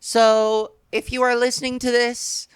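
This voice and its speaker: A woman hosts a solo comedy podcast, rambling crudely from joke to joke in a high, unhurried voice. She is close to the mic in a dry, dead room. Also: level tone, smooth, dry recording. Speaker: podcast host.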